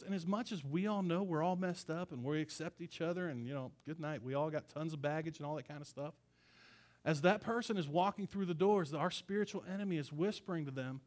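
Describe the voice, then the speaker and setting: A male pastor delivers a sermon in a relaxed, conversational way. He speaks a touch higher than most men. He stresses his points firmly and drops in slangy asides. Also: brisk. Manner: casual and emphatic, slangy asides.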